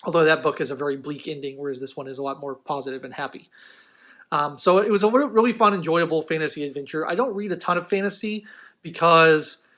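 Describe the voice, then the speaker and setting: A man's voice: fairly high pitch, fast talker, fairly bright tone. A man talking casually in a loose, rambling way as he reviews a book, with many fillers and restarts.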